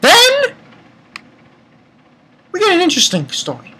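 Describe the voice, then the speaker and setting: A man's voice: sits high, animated, a little slow, bright, forceful tone, low-quality recording. A man giving a casual, rambling chapter review, retelling scenes and swearing offhandedly. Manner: reads character lines aloud in summary. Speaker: manga reviewer.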